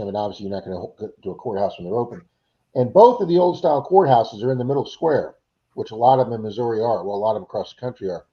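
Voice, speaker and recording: A man hosting a casual livestream chat, telling animated stories and acting out the people he quotes. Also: medium pitch, lo-fi sound. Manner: animated storyteller, acts out quoted voices. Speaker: livestream host. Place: Florida.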